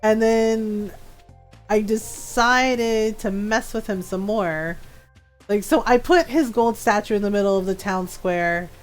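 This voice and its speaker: A woman's voice: medium pitch, takes it slowly, soft background music. A woman game streamer chatting casually and playfully while she plays. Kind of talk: casual chat while playing.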